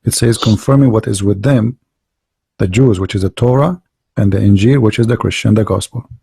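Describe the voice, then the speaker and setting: Gravelly man hosting a debate call. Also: on the low side, a little fast, dark tone, dry recording. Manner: hesitant, repeats words, confrontational. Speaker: online debate host.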